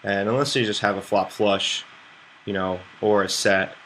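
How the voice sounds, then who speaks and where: Man, from the United States, poker stream commentary, lowish pitch, tense edgy tone, rambling, self-mocking, thinking aloud. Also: steady tone, normal speed, fairly bright tone, a little hiss or hum. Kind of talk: live game commentary.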